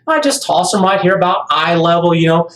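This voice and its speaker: A man's voice: sits high, lively intonation, brisk, a bit bright. A middle-aged man talking casually and at length, stumbling over repeated words and growing emphatic as he rants. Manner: rambling, repeats words on restarts; gets emphatic and ranting. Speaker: vlogger. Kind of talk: casual monologue. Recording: echoey room.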